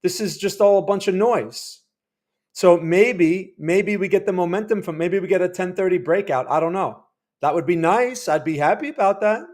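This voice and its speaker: A man's voice: high voice, moderate pace, a little mellow. A man hosting a live day-trading stream, chatty and rambling as he comments on trades and quizzes his chat. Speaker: day trading livestream host.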